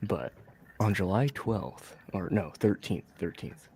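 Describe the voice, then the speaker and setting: A quiet, softly spoken man chatting casually as a guest on a stream. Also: low voice, expressive, takes it slowly, gravelly, a little hiss or hum. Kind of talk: casual chat.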